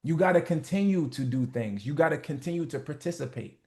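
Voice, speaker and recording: Blunt, profane motivational host. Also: male voice, a little high, expressive, a little fast, darkish tone. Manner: blunt, profane, preachy, acts out quoted people. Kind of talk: casual motivational talk.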